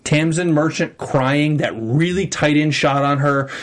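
A young man co-hosting a TV after-show in casual chat, enthusiastic and emphatic, talking in quick bursts. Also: on the high side, fairly even intonation.

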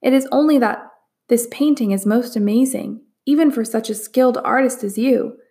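A woman's voice: a little high, normal speed, dark tone, voice pushed up, lightly acted. A woman voicing an eager, deferential young male apprentice in a storybook reading.

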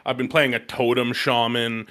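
A man chatting casually about card games, animated and jumping up in pitch as he tells stories. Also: moderate pace. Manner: animated, jumps to high excited pitch when telling stories. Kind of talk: casual gaming chat.

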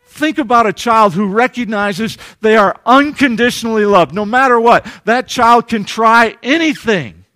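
A male pastor with a high voice preaches with earnest conviction. He swings from lively emphasis to hushed, tender passages. His voice sounds dry and close, with no room around it. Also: dry recording. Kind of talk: sermon.

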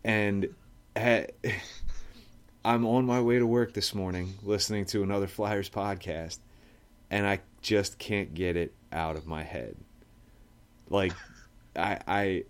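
A man's voice: lowish voice, steady tone, slow pace, pauses often. A man hosting a casual sports podcast, joking around with lots of fillers and laughter. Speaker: podcast host.

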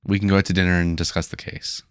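A man's voice: low-pitched, little pitch movement, dry recording, clean studio sound. A young man co-hosting a podcast in casual chat, teasing his partner and cutting in with jokes. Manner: teasing, interjecting, quick to laugh. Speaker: podcast co-host.

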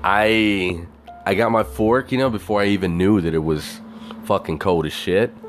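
A man with a fairly low voice tells a story as a loose, expletive-heavy rant. He keeps throwing in "like" and "you know" as he goes. Faint music plays behind him. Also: moderate pace. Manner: animated, heavy swearing, many fillers.

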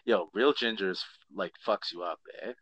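A man co-hosting a podcast, telling stories in a casual, swearing, animated way. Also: low-pitched, moderate pace, no echo, lo-fi sound. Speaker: podcast co-host. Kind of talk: casual chat.

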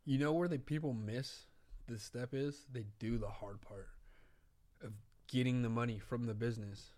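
A man's voice: mid-range voice, fairly even intonation, normal speed, darkish tone. Emphatic male guest repeating his points. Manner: repetitive, emphatic, peppered with "like" and "you know what I'm saying". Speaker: podcast guest, trader and investor. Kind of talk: casual chat.

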